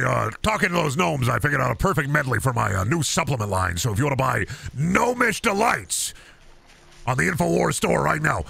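A man doing an impression of a ranting conspiracy-show host who pitches supplements. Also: gravelly, pushed and bright, breathy edge, heavily acted. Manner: bombastic, rambling, salesman pitch.

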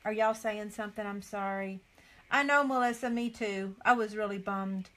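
A woman's voice: mid-range voice, steady tone, moderate pace, fairly bright tone. A middle-aged woman, chatting live with viewers as a craft demonstrator and reading items off a catalog, with frequent dismayed sighs. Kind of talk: casual live chat with viewers.

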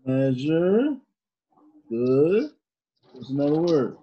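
A man's voice: a little high, big pitch swings, takes it slowly, slightly rough. A man teaching an informal Sunday school class in a conversational way, asking his students questions, on a dull lo-fi recording.

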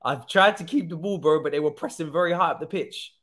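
A young man giving live commentary on his own football video game match, excitable, pleading and swearing often. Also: a little high, fast. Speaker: gaming streamer. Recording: roomy echo.

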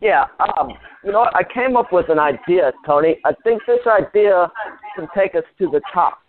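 Man voicing a scheming, filler-heavy phone-in caller; high-ish voice, phone sound. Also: lively intonation, moderate pace. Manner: rambling, full of fillers. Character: scheming male radio caller. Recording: dry tinny phone line.

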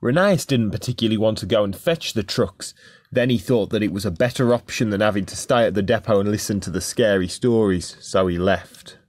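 A man narrating a children's story in a steady, plain reading voice. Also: lowish voice, a little fast, dry recording.

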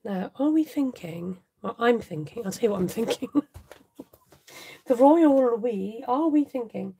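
A British woman chats through a live craft session, thinking aloud and now and then dropping to a whisper. Her voice has a gravelly, fry-tinged edge. The home recording carries steady background noise and clicks. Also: fairly high pitch, measured pace. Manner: chatty, thinks aloud, drops into whispered asides. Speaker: craft channel host. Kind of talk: live crafting chat with viewers.

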